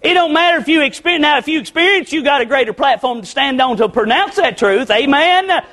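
A middle-aged man preaching a sermon, swinging between shouts and hushed pleading. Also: very high-pitched, animated, brisk.

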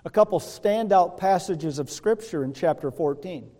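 A man preaching in a church with a fairly high, mellow voice. He talks in a folksy, conversational way, tossing asides to his listeners. The sound rings with a long reverb from the hall. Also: animated, moderate pace. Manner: folksy, asks the congregation "Hello?". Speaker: pastor. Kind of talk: sermon. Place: church sanctuary.

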